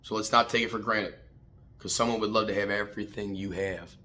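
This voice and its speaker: A fired-up man hosts a casual morning pep talk with a bright, forceful edge to his low voice. He swears freely and preaches hard, calling his listeners man and baby. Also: steady tone, fairly quick, slight background noise. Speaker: host.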